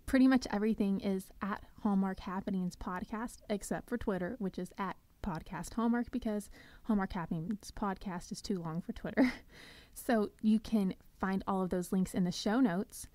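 A woman's voice: medium pitch, moderate pace, dark tone, dry recording. A young woman hosting a podcast, gushing with enthusiasm as she delivers a scripted recap monologue. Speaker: podcast host.

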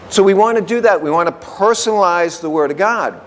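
Folksy preacher in a reverberant hall. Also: male voice, high-pitched, a little hiss or hum. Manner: folksy, chatty, reads definitions slowly word by word. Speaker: pastor. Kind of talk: conversational sermon.

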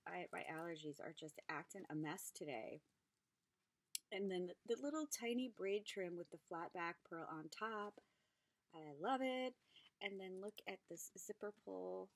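A woman hosting a craft vlog, unboxing handmade gifts and gushing over each one with gasps and soft whispered asides. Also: medium pitch, dry recording. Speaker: craft channel host. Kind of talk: unboxing craft mail, casual chat.

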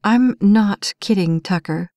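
A woman's voice: mid-range voice, slow pace, dry recording, studio quality, close to an everyday voice. A woman reading an audiobook, voicing a tired young woman who answers her pushy date firmly and sharply. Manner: firm and sharp, rising when pushed.

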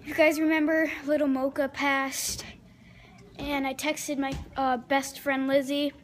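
High-voiced woman chatting rambly at home. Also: flat delivery, measured pace, slight background noise. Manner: rambling, chatty, many fillers and restarts. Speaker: vlogger. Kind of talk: casual vlog chat. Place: indoors at home, walking around the house.

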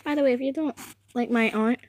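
A woman's voice: on the high side, fairly quick, darkish tone. A young woman chatting casually while drawing, rambling and making fun of herself. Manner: chatty, self-deprecating, rambling. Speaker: vlogger.

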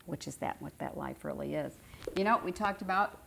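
A woman's voice: low voice, a little fast, creaky, fairly bright tone, slight background noise. A middle-aged woman giving an informal spiritual teaching to a group, conversational and repeating phrases for emphasis.

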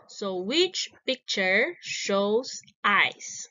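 Slow, lively woman teaching children English. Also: on the high side, lo-fi sound. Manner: encouraging, drawn-out words repeated twice.

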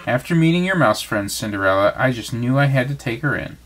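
A man's voice: medium pitch, animated, brisk, a bit bright. A man voicing a refined, affectionate lady friend who speaks fondly and politely. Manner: fond and polite.

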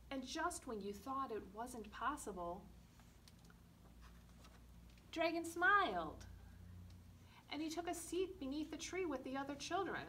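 Slow, expressive woman reading a picture book. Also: high voice. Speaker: children's librarian. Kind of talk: storytime read-aloud. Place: library storytime room. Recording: distant mic with faint room noise.

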